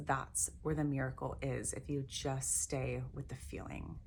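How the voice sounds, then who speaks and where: A middle-aged woman leading a guided tapping session, gentle and encouraging, repeating phrases slowly. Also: very deep voice, flat delivery, vocal fry, a little hiss or hum. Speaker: tapping practitioner.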